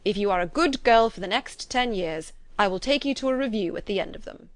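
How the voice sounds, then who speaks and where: Female reader as wry older father, teasing and mock-stern, mid pitch. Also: lively intonation, a little fast, no echo, close to an everyday voice.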